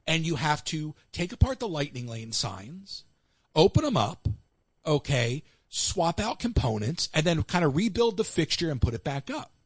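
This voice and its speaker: A man's voice: a little high, moderate pace, breathy edge, no room sound. An American man hosting a call-in show, telling stories in casual chat and acting out what others said. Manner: animated storyteller acting out quotes.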